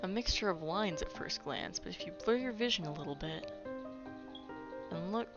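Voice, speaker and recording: Her lowish, expressive voice moves at normal speed as she plays through a game and reads its text aloud. She breaks away for chatty, playful commentary, and the recording is dull with game music behind her.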